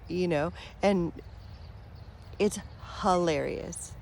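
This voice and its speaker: Woman vlogger, mid-pitch, unhurried, heartfelt and rambling, light background noise. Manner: earnest, affectionate, rambling with fillers and soft laughs. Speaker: spiritual vlogger. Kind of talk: heartfelt direct-to-camera talk.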